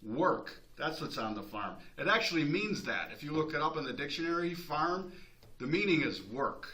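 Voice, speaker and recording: A man's voice: on the high side, big pitch swings, normal speed, bright, forceful tone. A man hosting a casual chat show, throwing in teasing jokes and wisecracks. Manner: joking, teasing interjections. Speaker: host. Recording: echoey room.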